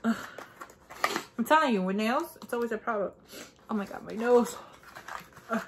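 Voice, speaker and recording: Excitable woman unboxing beauty products. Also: fairly high pitch, moderate pace, long pauses, noisy background. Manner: excitable, gasping and exclaiming while unwrapping. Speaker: beauty vlogger. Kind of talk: casual unboxing chat. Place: indoors at a desk.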